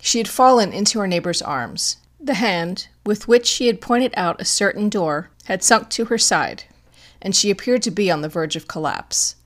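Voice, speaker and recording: A woman narrating an audiobook of a classic detective story in a measured, deliberate way. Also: mid-range voice, lively intonation. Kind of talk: scripted narration.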